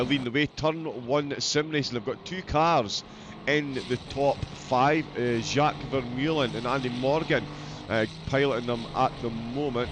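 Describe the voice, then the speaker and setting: A man with a Scottish accent and a mid-range voice does live sim race commentary against background noise. Chatty and jokey, he reads viewers' messages aloud.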